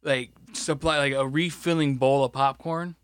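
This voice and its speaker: A man's voice: mid-range voice, fairly even intonation, moderate pace, fairly bright tone, clean tone, dry recording. A man chatting casually on a podcast, rambling and swearing often as he vents. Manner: rambling, frustrated, swears a lot. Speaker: podcast co-host; grocery stocker. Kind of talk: casual profane chat.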